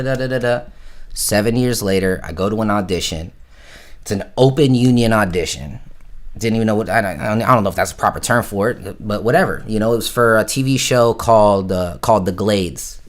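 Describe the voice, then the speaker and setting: Slangy, low-voiced man from Florida. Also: brisk. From Hollywood, Florida. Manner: slangy, swears freely, animated when quoting others. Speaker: musician and actor. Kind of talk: casual storytelling on a livestream.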